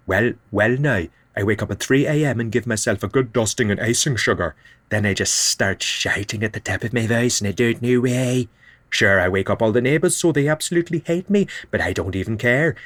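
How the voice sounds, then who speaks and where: Man doing a manic eccentric, invented accent, wildly swooping pitch, rambling, comedy podcast. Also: a bit bright. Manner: zany, rambling, jumping between topics.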